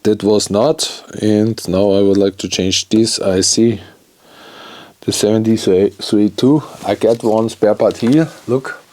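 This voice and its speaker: Slow, halting man. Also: lowish voice, fairly even intonation, dark tone. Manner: halting, non-native phrasing, muttering to himself as he works. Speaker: electronics repair hobbyist. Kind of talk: talking through a repair while working.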